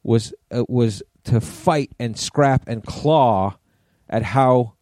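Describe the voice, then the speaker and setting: A man's voice: medium pitch, slow, dry recording, clean studio sound. A man co-hosting a podcast in casual, profane, joking chat. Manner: profane, animated storytelling. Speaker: podcast co-host.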